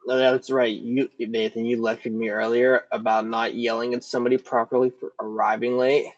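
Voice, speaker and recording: A man's voice: medium pitch, level tone, a little fast. Laid-back man on a dull mic. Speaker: podcast co-host. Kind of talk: casual chat.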